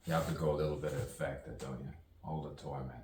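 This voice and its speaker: A man's voice: a bass voice, flat delivery, fast, a little mellow. A man rambling in a self-recorded monologue, musing and sardonic, asking himself questions and laughing at himself. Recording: echoey room, distant mic, faint background noise.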